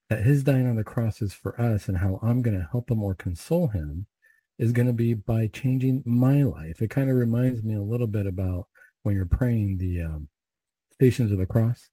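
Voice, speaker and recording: Dark, husky-voiced man leading prayers. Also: lowish voice, no echo. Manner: measured, conversational, with occasional fillers. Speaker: Catholic prayer leader and speaker. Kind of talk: recited prayers, then a spoken reflection.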